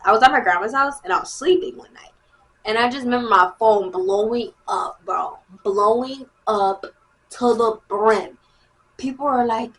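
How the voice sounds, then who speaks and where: A teenage girl telling a story in a casual, slangy way, repeating herself and acting out what people said. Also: a little high. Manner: animated, slangy, repeats herself, acts out quotes. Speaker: storyteller vlogger.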